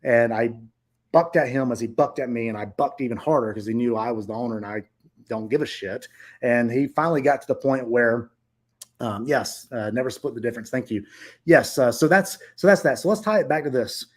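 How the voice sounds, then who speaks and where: A man's voice: mid-range voice, fairly quick. A middle-aged man who owns short-term rentals, telling viewers a story in a blunt, profane, heated way.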